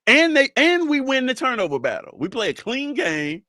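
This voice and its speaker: A man's voice: extremely high pitch, wildly swooping pitch, normal speed, pushed and bright, no room sound, studio quality. A man co-hosting a casual sports reaction chat, exasperated and incredulous as he argues his point. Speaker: sports talk co-host.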